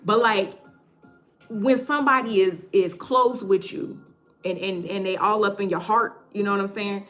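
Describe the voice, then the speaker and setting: Woman, young adult, livestream host, playful, repetitive, average pitch, faint background music. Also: moderate pace. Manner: joking, animated, stammers and repeats. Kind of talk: casual livestream chat.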